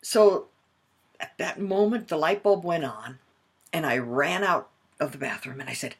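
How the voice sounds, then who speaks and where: Older woman, husky voice, animated pitch, expressive storytelling to moms. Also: measured pace, long pauses. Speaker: parenting coach.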